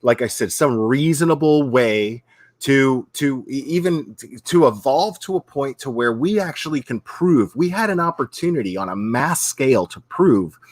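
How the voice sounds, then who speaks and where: A man hosting a political talk on his channel, heard up close with a dry, roomless sound. He is agreeable but halting, often breaking off and starting his sentences over. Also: medium pitch, animated, no echo. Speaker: channel host. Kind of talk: political discussion.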